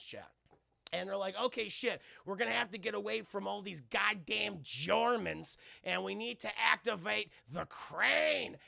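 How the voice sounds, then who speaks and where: Young guy with a super gravelly high voice, ranting about a movie to his chat and doing silly voices. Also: bright, forceful tone, dry recording, clean studio sound. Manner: acts out characters in silly voices. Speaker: streamer reviewing a film. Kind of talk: rambling profane film recap to live chat.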